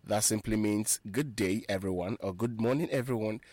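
A man's voice: on the low side, moderate pace, a little mellow, no echo. A man hosting a radio French lesson, repeating phrases and spelling words out letter by letter for listeners. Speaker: radio French teacher and show host.

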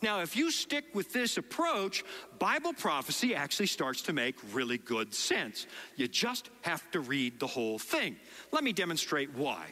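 This middle-aged Dutchman from the Netherlands has a slightly high voice at normal speed, with a long reverb tail. He preaches a sermon to a congregation in a large hall, animatedly telling stories and acting out the quotes.

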